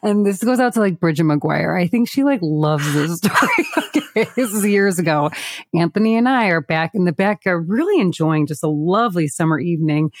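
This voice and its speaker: A woman in her forties telling a story on a podcast, animated and quick to laugh. Her voice sits a little low. It is recorded close and dry. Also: dry recording. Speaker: podcast co-host. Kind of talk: casual chat.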